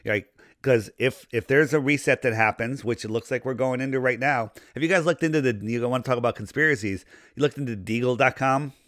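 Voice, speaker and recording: A man speaking as a podcast guest in casual conversation, talking in a rambling, animated way as he loses his voice. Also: mid-range voice, a little fast, no room sound, studio quality. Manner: rambling, animated conspiracy talk. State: losing his voice.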